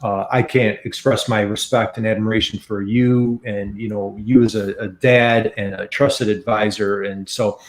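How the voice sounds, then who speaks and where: A man's voice: on the low side, steady tone, moderate pace, hardly any pauses. Enthusiastic American man in an echoey room. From United States. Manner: enthusiastic, repeats key figures for emphasis. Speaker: guest. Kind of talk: podcast interview.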